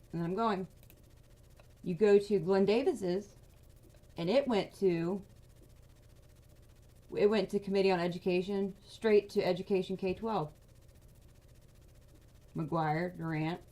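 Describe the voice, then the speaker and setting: A woman giving angry, casual political commentary, venting in rapid bursts of outrage. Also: medium pitch, darkish tone. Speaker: political advocacy vlogger.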